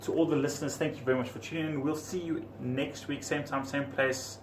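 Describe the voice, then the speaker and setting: A man hosts a relaxed podcast, joking and chatting as he stumbles over names. He sits back from the mic, so his voice has a roomy echo. A faint hum of noise runs underneath. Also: mid-range voice, brisk, far from the mic. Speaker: podcast host. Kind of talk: casual chat.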